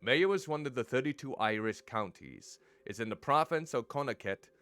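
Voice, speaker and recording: A man's voice: mid-range voice, lively intonation, normal speed, a bit bright. A male streamer reading game text aloud and commenting, stumbling over pronunciations.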